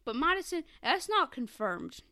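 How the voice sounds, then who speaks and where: A young woman co-hosting a podcast, chatting casually and rambling with lots of fillers and quick laughs. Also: high-pitched, very animated, pushed and bright. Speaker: podcast co-host.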